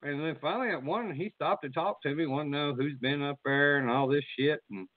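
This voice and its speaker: A man's voice: fairly high pitch, fairly quick, no room sound. A man hosting a casual chat, telling rambling stories and swearing freely. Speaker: host. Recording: phone-like line.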